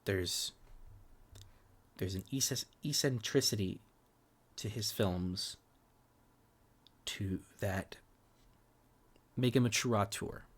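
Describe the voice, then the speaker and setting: Husky and on the low side, this film-podcast co-host takes it slowly and pauses often. His casual reviews are candid and profane, with restarted words and occasional dips to near whisper.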